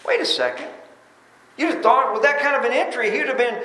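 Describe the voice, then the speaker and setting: A man with a high voice preaches in a church, the sound ringing around a roomy space. He talks animatedly, leaping from loud bursts to low asides and often doubling words as he restarts. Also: moderate pace. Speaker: pastor. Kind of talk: sermon. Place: church sanctuary. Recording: roomy echo.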